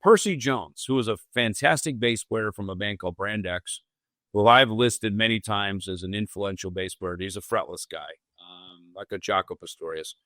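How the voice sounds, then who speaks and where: A man's voice: lowish voice, moderate pace, pushed and bright, no room sound. Man telling a story, lots of "you know". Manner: rambling, full of "you know" asides. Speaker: podcast host. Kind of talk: casual conversational storytelling.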